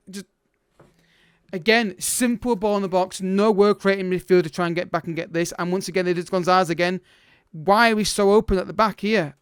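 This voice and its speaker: A man's voice: sits high, clean tone, no room sound, studio quality. A man commentating his own game as a let's play host, exasperated and urgent, calling out to the players.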